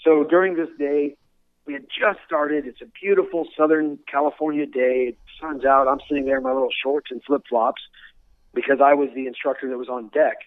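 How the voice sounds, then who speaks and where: Over phone-quality sound with no echo, this ex-military instructor talks about his career in a steady, mid-range voice at a brisk clip. His storytelling in the interview is earnest, with frequent restarts.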